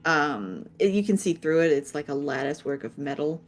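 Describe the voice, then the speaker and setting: A woman narrating a tabletop game as game master, halting with fillers and frequent laughs. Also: deep voice, expressive, soft background music. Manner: halting, many fillers, giggly.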